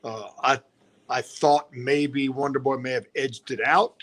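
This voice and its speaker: A man's voice: medium pitch, steady tone, unhurried, fairly bright tone. A man who coaches, chatting casually on a stream in an easygoing, rambling way. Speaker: coach and co-host.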